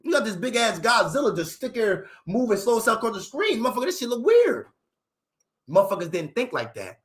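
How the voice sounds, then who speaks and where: A man's voice: high-pitched, a little fast. A young man telling a story in casual, profane street talk, acting out what people said. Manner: animated, profane street talk, acts out quotes. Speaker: vlogger telling a story to live viewers.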